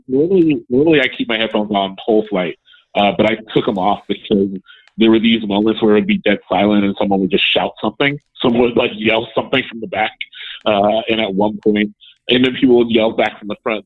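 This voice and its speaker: Brief: young Ohio man, podcast guest, relaxed rambling story, dry phone sound. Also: fairly low pitch, husky, dry recording. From Columbus, Ohio, US. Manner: relaxed storyteller with frequent fillers. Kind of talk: casual chat. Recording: tinny phone-like line, dry.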